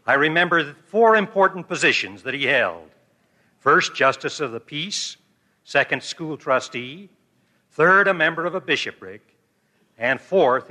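A man giving a formal church conference address, telling a story in a measured way. The audio is an archival recording. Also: mid-range voice, pushed and bright. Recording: reverberant archival hall recording.

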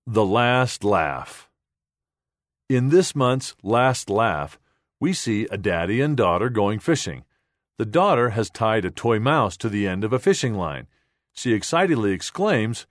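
A man reading a children's magazine aloud in a clear, deliberate scripted style. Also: on the low side, sing-song, no echo, studio quality. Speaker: magazine reader.

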